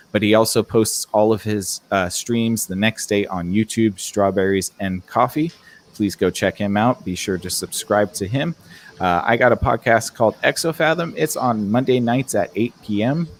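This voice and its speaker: A man hosting a casual movie and TV podcast, talking in a relaxed, rambling way with lots of fillers. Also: fairly low pitch, a little hiss or hum. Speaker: podcast host.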